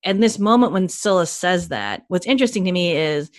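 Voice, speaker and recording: A woman's voice: lowish voice, lively intonation, brisk, no echo. Enthusiastic woman podcaster, dry sound. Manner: enthusiastic, gushing, frequent restarts. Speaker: podcast co-host. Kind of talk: casual podcast chat.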